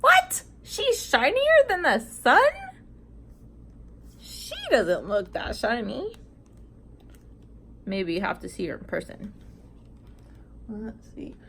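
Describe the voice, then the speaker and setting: A woman's voice: a little high, a little hiss or hum. A woman reading fairy tales aloud to viewers, breaking off for chatty asides and reactions. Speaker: storyteller.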